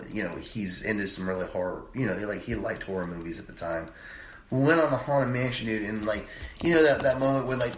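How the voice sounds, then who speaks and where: Rambling, profane man in an echoey room. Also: lowish voice. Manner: rambling, profane, animated when quoting others. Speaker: podcast co-host. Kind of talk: casual storytelling chat. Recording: echoey room with faint noise.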